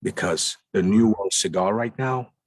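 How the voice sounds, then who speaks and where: A man's voice: fairly low pitch, unhurried, no room sound. A man speaking as a guest in a lounge, talking emphatically and repeating words for stress. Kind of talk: conversational talk.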